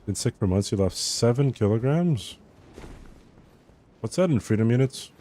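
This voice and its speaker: A man's voice: medium pitch, lively intonation, moderate pace, dark tone, slight background noise. A man streaming a game live, joking and chatting casually while reading chat aloud.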